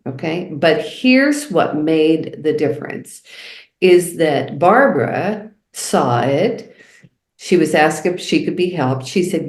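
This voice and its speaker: A woman with a low voice chats casually, slipping into the voices of the people in her stories. The room around her sounds echoey. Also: expressive, measured pace, a little mellow. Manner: storytelling, acts out quoted voices. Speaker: co-host. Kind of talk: casual chat.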